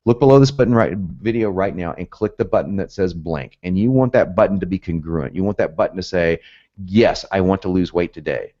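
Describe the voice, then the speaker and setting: A low-pitched man with a blend of Southern and Northern American accent teaches a recorded sales course. He sounds salesy and very lively, and his pitch swings widely as he punches key phrases. The recording is dull and lo-fi. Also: brisk, few pauses. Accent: mix of Southern and Northern US. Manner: animated, salesy, jumps up loudly on key phrases. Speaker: marketing instructor.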